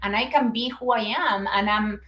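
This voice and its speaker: A Chilean woman with a Chilean Spanish accent, appearing as a guest and business founder in a conversational interview. Her voice is fairly high and a bit bright, at a normal speed, with a roomy sound. She speaks earnestly and reflectively, using many fillers.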